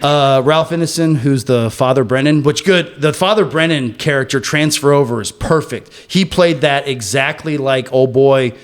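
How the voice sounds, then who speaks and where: A man's voice: mid-range voice, normal speed, hardly any pauses. A man hosting a casual movie discussion podcast, joking and theatrical as he leads it. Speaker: podcast host.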